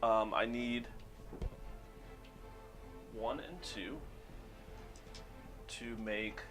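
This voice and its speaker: A man narrating a tabletop game as game master, unhurried and pausing for words with many fillers. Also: medium pitch, over music.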